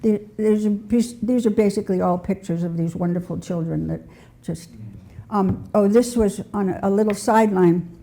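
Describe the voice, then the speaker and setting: A woman's voice: medium pitch, moderate pace, gravelly, warm tone. An older woman giving a casual storytelling talk with slides in a civic center. She is chatty, laughs often, and breaks off mid-sentence. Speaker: nonprofit founder giving a talk.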